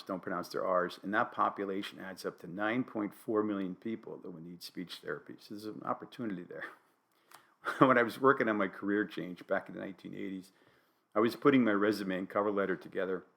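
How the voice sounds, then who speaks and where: An older man from New Haven, Connecticut, with a New England accent, hosting a solo podcast with dry, wry, deadpan humor. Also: lowish voice, fairly quick, creaky. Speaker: podcast host.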